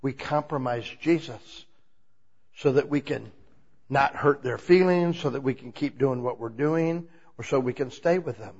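Husky preacher man, conversational sermon. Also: mid-range voice, a little slow, muffled recording. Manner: asks the listeners many rhetorical questions; swings between quiet, reflective asides and loud, emphatic bursts.

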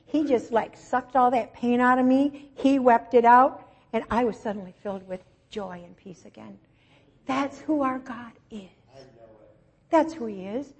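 Woman, middle-aged, sermon testimony, earnest storyteller, breathy husky tone. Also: medium pitch. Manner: earnest, storytelling, swings between soft and emphatic. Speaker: preacher.

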